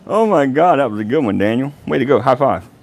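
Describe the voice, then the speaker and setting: A middle-aged man with a drawl hosts a casual livestream chat, taking his time with each phrase. His pitch swings widely as he talks, and he swears freely and breaks into loud laughter at his own jokes. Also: creaky. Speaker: host of a live chat.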